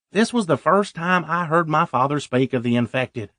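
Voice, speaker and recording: Male audiobook narrator, wry and self-deprecating, somewhat high voice, dry close recording. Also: animated, normal speed, few pauses, a bit bright, no room sound. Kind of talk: first-person audiobook narration.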